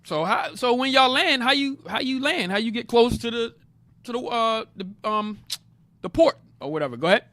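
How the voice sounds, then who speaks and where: This is a man teaching a Bible class with a high, animated voice that jumps all over its range. He explains each passage, repeats his main points with emphasis, and keeps cueing his reader. The recording is dry and close, with no room sound. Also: moderate pace, dry recording. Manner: emphatic, repeats key phrases. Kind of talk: interactive Bible lesson.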